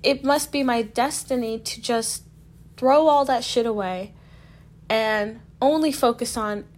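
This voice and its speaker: A woman's voice: on the high side, a little slow, a little mellow. A young woman telling her own story frankly, swearing often and filling her speech with "like". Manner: frank, profane, lots of "like" fillers. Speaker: guest sharing a personal story. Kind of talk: candid personal storytelling.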